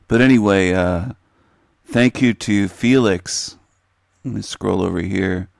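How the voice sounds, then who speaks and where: A man hosting his livestream channel, rambling slowly and thanking viewers, losing his voice a little. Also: lowish voice, gravelly, no room sound, studio quality. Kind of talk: casual commentary to viewers. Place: indoor room.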